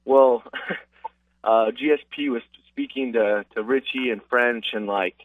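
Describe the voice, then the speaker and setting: A man with a mid-range voice, an MMA fighter, talks slowly and casually in a phone interview, rambling through stories with lots of fillers. The recording is dry, coming over a distant, tinny phone line.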